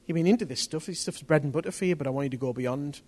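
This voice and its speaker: A man preaching a testimony sermon, telling his story in an animated way that rises to near-shouts at the tense moments. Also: on the high side, very fast, breathy edge.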